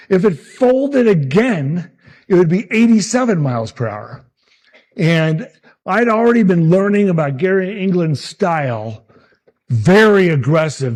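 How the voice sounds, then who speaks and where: Man, sixties, slightly high voice, animated storyteller, meteorologist. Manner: animated anecdotes, acts out quotes. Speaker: meteorologist speaker at a summit. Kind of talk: storytelling talk.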